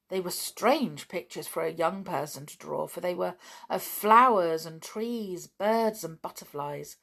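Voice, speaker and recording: A woman's voice: on the low side, gravelly, slightly rough. A woman reading a children's book aloud for a podcast, chatty in her sign-off. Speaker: podcast reader.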